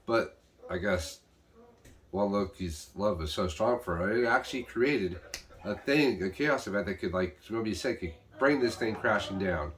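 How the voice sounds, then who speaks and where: A man casually recapping an episode, rambling with restarts and quickly paraphrasing what the characters say. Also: on the low side, a bit bright, slight background noise. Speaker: show reviewer.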